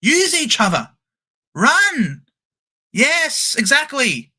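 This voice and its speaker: A high-voiced man calls a football match for his live-stream audience at an unhurried pace. His tone is bright and lively, and he breaks into shouts and cheers at the play. He speaks into a home streaming mic. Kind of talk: excited live sports commentary.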